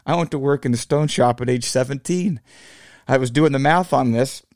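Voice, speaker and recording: A man's voice: medium pitch, normal speed, darkish tone, no echo, studio quality. A man in his forties hosting his own podcast, talking reflectively in a casual solo monologue and addressing listeners as fellow fabricators. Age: 40s. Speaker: podcast host.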